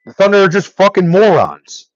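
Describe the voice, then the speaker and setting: A man's voice: high voice, very animated, normal speed, a little mellow, dry recording, dull audio. A young man angrily ranting on a live stream, swearing nonstop and exasperated. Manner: angry, profane ranting.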